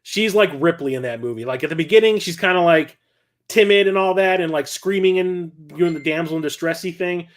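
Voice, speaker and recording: A middle-aged man chatting casually at home, rambling excitably and swearing now and then. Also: fairly high pitch, brisk. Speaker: collector vlogger. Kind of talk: casual unscripted chat.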